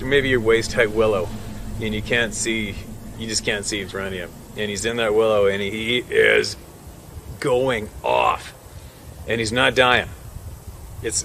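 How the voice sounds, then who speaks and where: Man, hunting guide, animated storytelling, mid-pitched, frequent laughs, music behind. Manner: animated, laughs often, acts out the scene. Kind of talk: casual storytelling.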